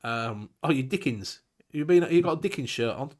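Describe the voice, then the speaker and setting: A man's voice: medium pitch, lively intonation, moderate pace, background noise. A man, hosting a casual live-stream chat, reading out viewer comments, laughing often and swearing casually. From England.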